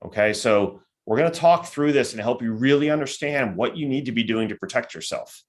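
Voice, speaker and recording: A man giving a virtual conference lecture in a conversational way, often tagging his points with quick questions to the audience. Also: mid-range voice, lively intonation. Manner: conversational, with frequent tag questions; acts out listeners' objections in quoted voices. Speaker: cybersecurity company executive giving a lecture.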